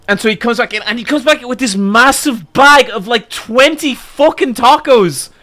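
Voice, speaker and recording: Bright-voiced man telling a wild story. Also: very high voice, moderate pace. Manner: profane, exasperated, building to loud outbursts. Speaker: streamer. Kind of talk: animated storytelling to a live chat.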